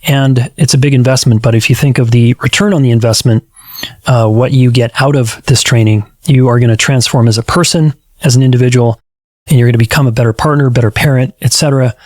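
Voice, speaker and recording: A man's voice: mid-range voice, fairly even intonation, fast, a little mellow. A man hosting his own podcast as a relationship coach, talking earnestly and conversationally and acting out exchanges with clients. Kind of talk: solo podcast talk.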